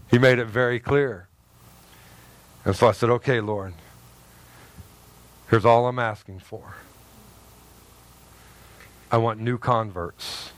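A middle-aged man, a pastor, preaching a sermon to his church, telling a personal story in a folksy way with laughs and asides. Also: mid-range voice.

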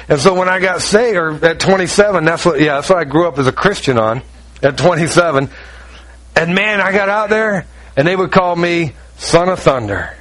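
A middle-aged man preaching a sermon, high-strung and animated, telling stories with quick asides. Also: rough recording. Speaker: pastor.

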